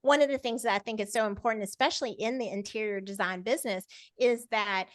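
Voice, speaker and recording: A middle-aged woman, an interview guest speaking in an energetic, emphatic and persuasive way. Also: mid-range voice, fast, no room sound, studio quality. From Georgia, US. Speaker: podcast guest, media consultant. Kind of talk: casual interview chat.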